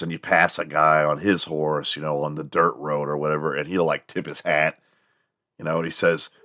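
A man's voice: extremely low pitch, fairly even intonation, normal speed, a bit bright, no echo, clean studio sound. A man hosting a podcast, rambling through a profane, casual comedic rant and now and then bursting into other people's voices. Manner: acts out quoted voices in bursts. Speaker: podcast host.

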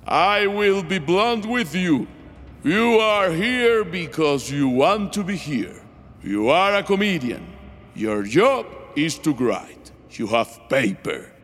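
A man voicing God as a blunt, wry inner voice in a narrated podcast story, with soft music under him. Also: on the high side, big pitch swings, takes it slowly, in a large hall, full character voice. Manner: blunt, dry.

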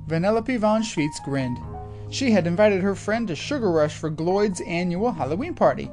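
Expressive woman storyteller, very lively pitch, faint music under. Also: normal speed. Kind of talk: scripted storybook narration.

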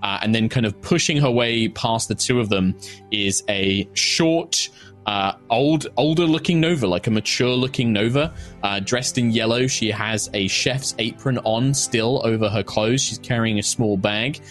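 A man's voice: medium pitch, moderate pace, a bit bright, soft background music. A man narrating a tabletop game as game master, rambling with many fillers. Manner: rambling, filler-heavy description.

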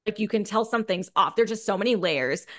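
A woman's voice: mid-range voice, lively intonation, fast, fairly bright tone. A woman co-hosting a casual film talk, chatty and full of fillers and restarts. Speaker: podcast co-host.

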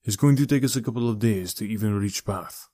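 A guarded older uncle from a storybook, his voice low and hushed, measured and steady, as a male narrator reads him. The recording is dry and close. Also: no room sound, close to an everyday voice. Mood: calm. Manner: quiet and measured.

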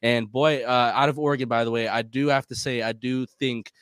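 A man's voice: medium pitch, steady tone, brisk, fairly bright tone, clear, resonant tone, no room sound. Methodical man, dry close sound. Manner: methodical, lists strengths and weaknesses. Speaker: co-host. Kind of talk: casual sports podcast discussion.

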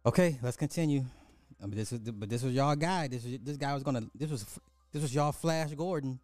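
A man's voice: medium pitch, fairly quick, a little mellow, dry recording, soft background music. A man giving reaction commentary, rambling and trailing off mid-sentence.

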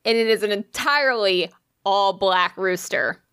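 A woman's voice: medium pitch, unhurried, fairly bright tone, clear, resonant tone, no room sound. Woman, podcast storyteller, laid-back, swears a lot, fillers like "like", dry close sound. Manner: profane, laid-back, heavy use of "like" and "bro"; laughs through her own story. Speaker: podcast co-host. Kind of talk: casual storytelling chat.

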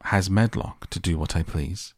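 A man's voice: low voice, normal speed, dry recording, studio quality. A man voicing a spoiled, demanding sickly boy who gives orders grandly in a storybook reading. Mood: imperious. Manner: commanding, grand.

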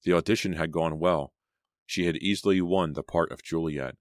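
A man narrating an audiobook in a measured storytelling manner. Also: low-pitched, dry recording. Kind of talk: scripted narration. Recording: dry close studio sound.

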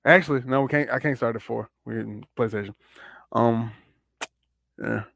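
A man's voice: mid-range voice, moderate pace, creaky, a bit bright. A man co-hosting a podcast in laid-back casual chat, blunt, with dry jokes. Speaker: podcast co-host.

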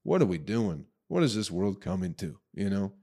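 Profane ranting man with a low voice. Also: very animated, moderate pace, dark tone, breathy edge. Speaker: podcast host. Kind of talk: crude comedic rant.

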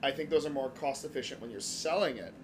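A man's voice: medium pitch, fast talker, a little hiss or hum. A man hosting a podcast, asking questions in a joking, profane way. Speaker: podcast host. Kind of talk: casual interview chat.

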